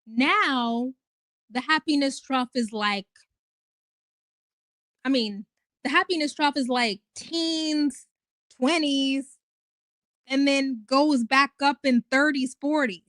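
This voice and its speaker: A woman in her twenties hosting her own stream, talking in a loose, rambling way full of fillers and casual swearing. Her voice sits a little high, and the sound is dry with no room echo. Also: takes it slowly, long pauses, fairly bright tone. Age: 20s. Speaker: host. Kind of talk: casual livestream talk.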